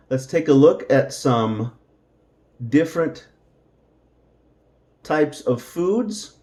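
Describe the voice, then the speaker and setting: A middle-aged man teaching English slowly to Spanish speakers, repeating each word and adding Spanish glosses. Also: a little high, expressive, warm tone.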